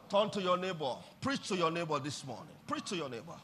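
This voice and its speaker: A man preaching a sermon in church, fervently leading his congregation in call-and-response and bursting into shouts. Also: fairly high pitch, lively intonation, quick pace, few pauses, slightly rough. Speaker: pastor.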